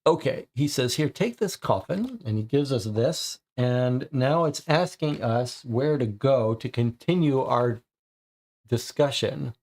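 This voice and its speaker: A man's voice: medium pitch, takes it slowly, a little mellow. A man casually commenting as he plays a mystery game, thinking aloud and reading its text to viewers. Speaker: game streamer.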